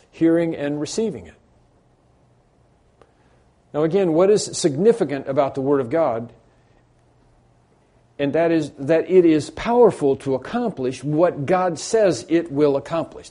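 A man's voice: mid-range voice, mellow. A man preaching an expository sermon in a conversational way, repeating key phrases for emphasis and poking fun at himself. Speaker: pastor.

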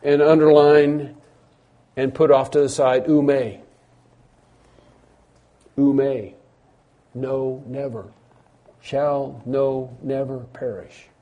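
A man preaching a sermon, stressing words loudly and then dropping low, often repeating phrases. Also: flat delivery, very slow, long pauses, lo-fi sound. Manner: emphatic, repeats phrases, swings between loud stresses and quiet drops.

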